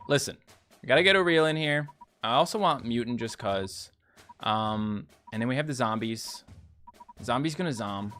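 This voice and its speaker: A young man commentates his game casually in a bright, forward voice. His pitch swings widely as he chats straight to viewers and rants in good humor, with soft game music playing underneath. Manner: chatty, animated, talks to viewers, rants playfully. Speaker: gaming YouTuber.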